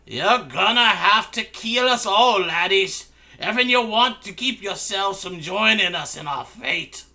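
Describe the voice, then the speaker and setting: A man doing a loud gruff assassin. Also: sits high, lively intonation, a little slow, voice pushed up, heavily acted. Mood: defiant. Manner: loud, shouted threat. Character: gruff male dwarf assassin, defiant.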